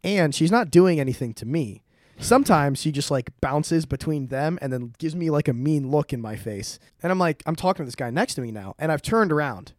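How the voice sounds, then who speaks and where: A young man in casual podcast chat, telling a rambling, animated story and swearing often. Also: fairly high pitch, a little fast, hardly any pauses, dry recording, studio quality. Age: young adult. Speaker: podcast co-host.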